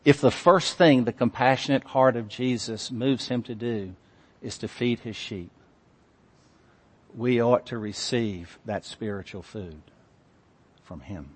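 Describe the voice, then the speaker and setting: Slow emphatic preacher in a reverberant hall. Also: male voice, mid-range voice, breathy edge. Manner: slow, emphatic preaching with long pauses and rising intensity. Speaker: pastor. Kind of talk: sermon.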